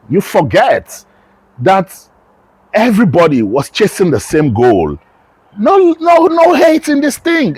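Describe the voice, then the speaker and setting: A man's voice: high voice, slightly rough, no echo. A man giving a passionate, emphatic sports opinion vlog, repeating phrases for stress. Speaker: sports commentator.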